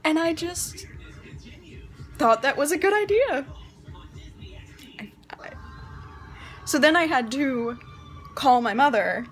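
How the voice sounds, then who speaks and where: A woman's voice: high-pitched, animated, slow pace, long pauses, soft background music. A young woman casually telling a personal story about herself, self-mocking and rambling, laughing often. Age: young adult.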